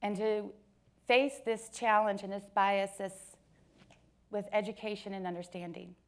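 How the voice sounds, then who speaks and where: A woman in her forties giving a personal storytelling talk to an audience, joking at times and turning soft and earnest at others. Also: mid-range voice, steady tone, measured pace. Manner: warm joking storyteller, switches between laughs and soft earnest passages. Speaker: company speaker.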